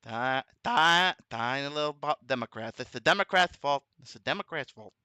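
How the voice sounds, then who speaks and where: A man's voice: medium pitch, expressive, normal speed, sharp tone, clean tone, no echo, clean studio sound. A man doing an impression of a boastful older male politician, pompous and repetitive.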